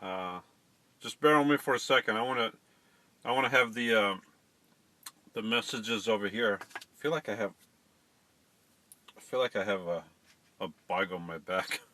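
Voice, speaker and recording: A man's voice: on the low side, moderate pace, pauses often, bright, forceful tone. A middle-aged man hosting a casual live stream, chatting to viewers and fumbling with settings.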